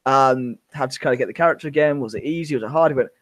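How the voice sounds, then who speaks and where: A man's voice: medium pitch, racing, a bit bright, no room sound. A man co-hosting a podcast, chatting casually and gushing with enthusiasm. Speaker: podcast co-host. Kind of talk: casual fan discussion.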